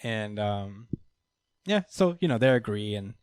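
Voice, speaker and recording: A man's voice: on the low side, sing-song, a little slow, clean tone, no room sound. Chatty man recapping comics, dry sound. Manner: loose and chatty, swears, laughs between lines. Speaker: podcast host. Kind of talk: casual comic book recap.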